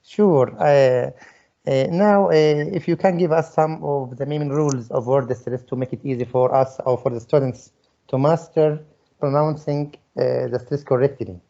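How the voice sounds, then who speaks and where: A man's voice: mid-range voice, a little slow, gravelly, dark tone. A man hosting an online class, politely handing over to a guest teacher with hesitant fillers. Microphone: video call. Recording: dull lo-fi video call audio.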